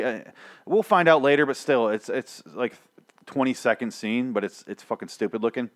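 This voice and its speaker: A man hosts his own podcast and rants through a recap of a TV episode. He swears freely and vents his exasperation in outbursts. His voice sits in an average pitch range for a man. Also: fairly quick. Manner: profane, ranting, exasperated. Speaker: podcast host. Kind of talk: solo TV recap rant.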